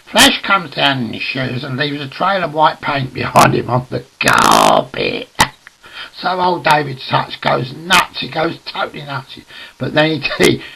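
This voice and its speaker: Older raconteur, bright gravelly voice, rambling and giggly, swears freely. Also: male voice, medium pitch, big pitch swings, a little slow, poor audio. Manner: chuckles through his words, swears freely. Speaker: storyteller. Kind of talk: casual anecdote to camera.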